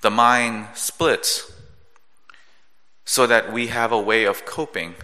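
A male pastor preaching a sermon in a measured teaching tone, often checking in with a rhetorical "right?". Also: medium pitch, fairly even intonation, pushed and bright. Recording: long reverb of a large hall.

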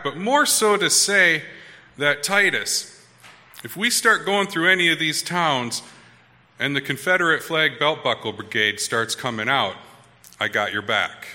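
Bright-voiced pastor telling a story. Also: male voice, on the high side, big-room sound. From Wisconsin, USA. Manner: conversational, checks in with listeners. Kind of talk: storytelling sermon.

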